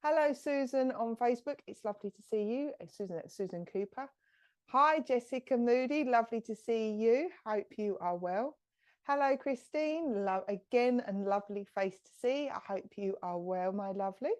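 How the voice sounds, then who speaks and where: A woman, a medium hosting a live stream, chatting brightly and greeting viewers by name. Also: fairly high pitch, moderate pace.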